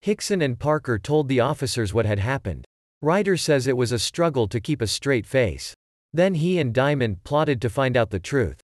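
A man's voice: mid-range voice, lively intonation, normal speed, no room sound, studio quality. A man giving scripted narration of a true story.

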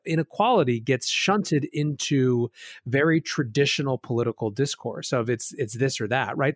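A man's voice: mid-range voice, dry recording. Thoughtful male podcast host, dry sound. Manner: thoughtful, measured with hesitations. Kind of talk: casual podcast interview.

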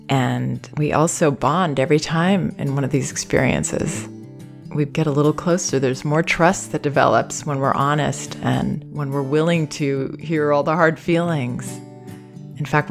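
A woman hosting a parenting advice podcast, talking in a calm, measured, thoughtful way. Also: low-pitched, creaky.

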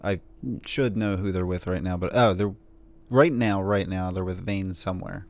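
A man's voice: low-pitched, fairly even intonation, moderate pace. A man co-hosting a podcast in casual chat, making dry, wry quips. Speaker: podcast co-host.

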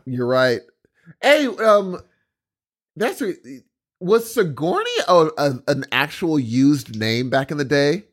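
A man's voice: on the high side, sing-song, slow. A middle-aged man co-hosting a podcast in casual chat, joking and trailing off mid-sentence, a bit under the weather. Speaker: podcast co-host.

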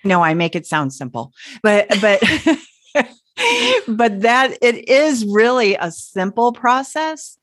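A woman working as a parenting coach, explaining calmly and gently in a casual talk. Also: on the high side, slow, no room sound, clean studio sound.

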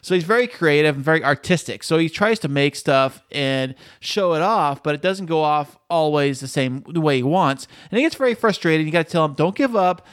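Male co-host, thirties, playful and teasing, slightly higher voice, dry close mic. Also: lively intonation, fairly bright tone, clear, resonant tone, no echo. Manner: joking, playful, drawn-out asides. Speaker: podcast co-host. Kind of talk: casual chat.

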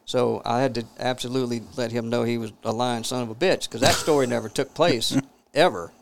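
A man's voice: mid-range voice, steady tone, fairly quick, vocal fry, background noise. A man who used to be a police officer, telling a profane story. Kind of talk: casual storytelling.

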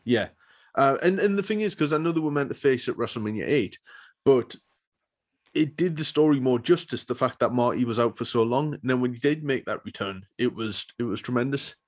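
A man's voice: mid-range voice, animated, a little fast. A man co-hosting a podcast, chatting enthusiastically with lots of fillers. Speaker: podcast co-host. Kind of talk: casual chat.

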